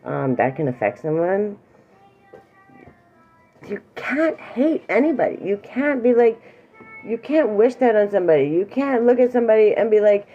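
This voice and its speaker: A woman's voice: medium pitch, very animated, moderate pace, phone-quality sound, soft background music. A middle-aged woman teaching emotional awareness in a casual, earnest talk, reassuring a viewer directly and sometimes close to tears. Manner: warm, earnest and reassuring, speaks straight to one viewer; emotional, near tears at times.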